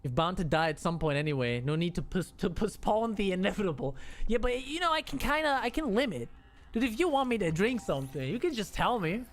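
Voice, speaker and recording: Male streamer, high voice, loose casual commentary with bursts of excitement and cursing. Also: brisk. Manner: excitable, swearing, laughing chatter.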